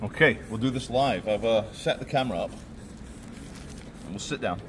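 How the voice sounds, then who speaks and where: Walking through an indoor shopping centre and later sitting on an outdoor bench, a travel vlogger chats casually to camera while trying food. His voice is fairly low and his pace normal, and he rambles with many fillers over faint background noise.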